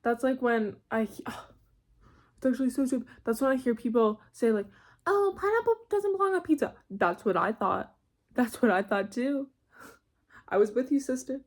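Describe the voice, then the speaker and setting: This young university woman, a vlogger, rants casually from her bedroom, rambling and often stopping short to laugh. She speaks at a moderate pace in a fairly high voice with a darkish tone.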